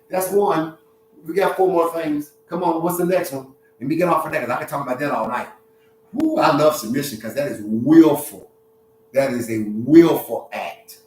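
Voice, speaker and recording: A man who is a relationship counselor, talking to his livestream chat in an animated, preachy way with street slang. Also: a little high. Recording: very echoey room, distant mic, faint hum.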